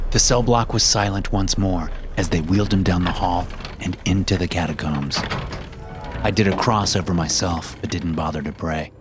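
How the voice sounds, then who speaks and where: Deep guy reading a story out loud, slow dramatic telling, clear music behind him. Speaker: narrator. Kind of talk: first-person audiobook narration. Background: background music.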